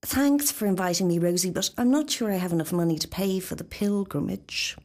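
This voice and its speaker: A woman voicing a pleading, excitable woman friend who talks in a high, insistent, wheedling way. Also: brisk, lightly acted. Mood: coy.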